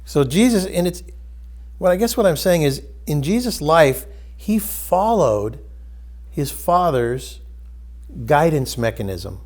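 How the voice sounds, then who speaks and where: A man hosting a spiritual discussion, retelling a story in a loose, rambling way and dropping into soft quoted voices. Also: fairly high pitch, big pitch swings, slow. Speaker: host.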